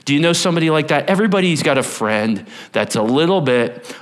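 A middle-aged man preaching a sermon as pastor, telling stories in an animated way and acting out voices. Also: a little high, fast talker. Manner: animated, lively storytelling with acted-out voices.

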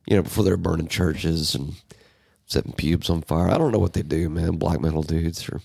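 A man's voice: low-pitched, a little fast, creaky, a little mellow, breathy edge. A man co-hosting a podcast, chatting casually about a metal album in profane, laid-back banter. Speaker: podcast co-host. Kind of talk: casual album-review chat. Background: heavy metal album playing.

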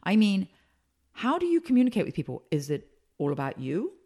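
Woman consultant, podcast guest; lively, emphatic storyteller with a mid-range voice. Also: mid-range voice, fairly quick. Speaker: consultant and speaker. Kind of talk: podcast interview.

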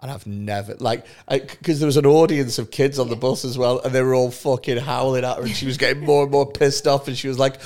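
Guy on a podcast, swears a lot, jokey and blunt, ordinary pitch. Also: steady tone, fairly quick, hardly any pauses, darkish tone. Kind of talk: casual chat.

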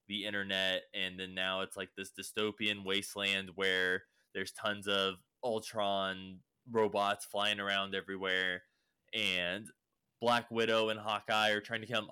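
A man's voice: on the low side, bright, forceful tone, clear, resonant tone. A young man casually recapping a show, rambling with lots of fillers and swearing. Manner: rambling, heavy use of "like" and swearing.

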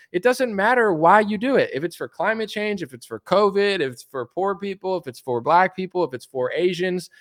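Man, casual streamer monologue, emphatic, mocking, slightly high voice, dry close sound. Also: fairly bright tone, no echo. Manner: emphatic, mocking, acts out others in quick asides. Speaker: political commentary streamer.

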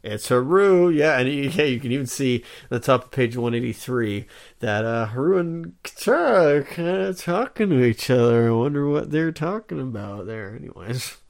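A man's voice: mid-range voice, expressive, normal speed, creaky. A man co-hosting a podcast, chatting casually in a rambling way with many fillers and restarts. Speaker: podcast co-host. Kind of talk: casual chat.

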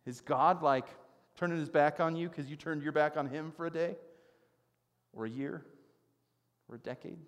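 A man's voice: fairly high pitch, normal speed, pauses often, in a large hall. A man in his thirties preaching a sermon as a pastor, earnest and conversational, with rhetorical questions and prayerful asides. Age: 30s.

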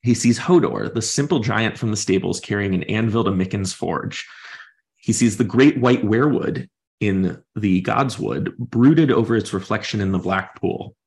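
A man's voice: lowish voice, moderate pace, creaky, darkish tone. A man hosting a podcast, thoughtfully discussing a book and retelling its chapters at length in his own words. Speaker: podcast host.

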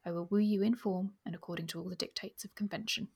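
A woman reads passages of a novel aloud with expression and talks about the story between passages. Her voice is mid-pitched, husky and gravelly with fry. At times she drops almost to a whisper. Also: steady tone, fast talker, darkish tone. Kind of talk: reading aloud and discussing a novel.

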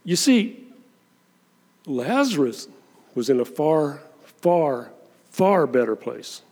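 A man's voice: on the high side, sing-song, takes it slowly, darkish tone, breathy edge, in a large hall. A man preaching a sermon as pastor, talking conversationally and dramatizing the scripture he reads.

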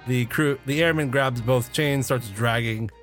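A man's voice: mid-range voice, unhurried, fairly bright tone, soft background music. A man playing a tabletop role-playing game, laid-back, laughing often. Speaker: player.

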